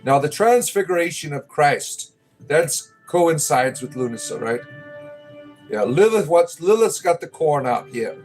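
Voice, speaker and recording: A man's voice: a little high, animated, unhurried, darkish tone, faint music behind. A middle-aged man hosting a casual livestream, rambling and chatting with viewers as he answers their comments. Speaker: livestream host.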